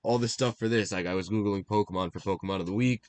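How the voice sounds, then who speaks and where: A young man co-hosting a casual stream recap, rambling and animated, laughing at himself as he goes. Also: lowish voice, fast talker. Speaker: draft league recap co-host.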